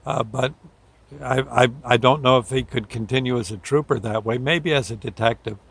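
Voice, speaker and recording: A man's voice: mid-range voice, fairly even intonation, normal speed, creaky, fairly bright tone, breathy edge. An older man, a show host, telling a rambling folksy story, often laughing and briefly acting out the people he quotes. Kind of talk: casual storytelling.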